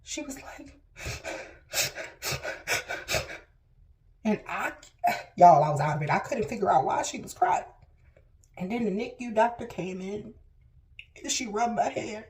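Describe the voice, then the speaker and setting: A woman's voice: animated, unhurried, pauses often, darkish tone. A woman vlogger telling a personal story to camera, emotional and at times tearful, acting out what people said with big swings in her voice. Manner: emotional, acts out quotes with big pitch jumps.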